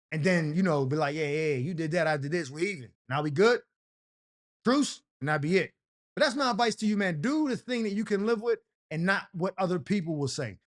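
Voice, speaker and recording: A man hosting an advice show, talking in a slangy, fired-up, heated way. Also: high voice. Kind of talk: casual advice rant.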